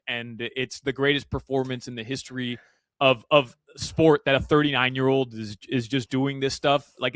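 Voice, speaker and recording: A man as a guest analyst in a casual sports radio chat, animated and full of fillers and restarts. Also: medium pitch, dry recording. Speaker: soccer betting analyst guest. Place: Miami.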